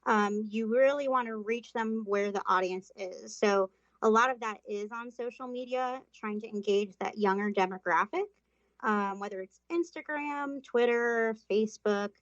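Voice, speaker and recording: A woman's voice: a little high, moderate pace, no room sound. A woman from Florida who manages volunteers talks earnestly as a guest on a podcast. Her answers are full of ums, and the sound is dry and somewhat dull, like a remote call. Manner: earnest, many um fillers. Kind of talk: interview answers.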